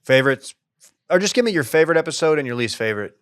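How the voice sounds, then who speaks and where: A man co-hosting a casual sports podcast, animated and joking, laughing often. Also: a little high, rapid-fire, smooth, no echo, studio quality. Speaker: podcast co-host leading the segment.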